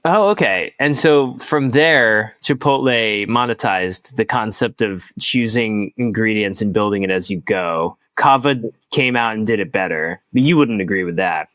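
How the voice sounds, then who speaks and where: A man's voice: lowish voice, unhurried, hardly any pauses, a bit bright, no room sound. Young male co-host, earnest debater, dry close-mic sound. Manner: earnest, argues with mock statistics. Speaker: podcast co-host. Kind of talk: casual debate chat.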